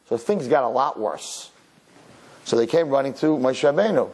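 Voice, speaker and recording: A male rabbi giving an animated Torah class in a dramatic, conversational way, sometimes putting questions to the audience. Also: mid-range voice, normal speed, breathy edge.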